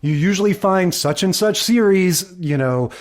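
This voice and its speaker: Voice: mid-range voice, expressive, normal speed. A podcast co-host chatting casually and explaining sitcom history with fillers. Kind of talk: casual chat analyzing sitcoms.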